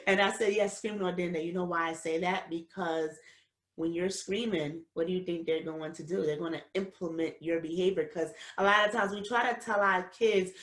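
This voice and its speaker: A woman's voice: lowish voice, steady tone, moderate pace, a bit bright. A woman, hosting a casual advice podcast and talking straight to parents in an emphatic, preachy way. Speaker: podcast host. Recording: roomy echo.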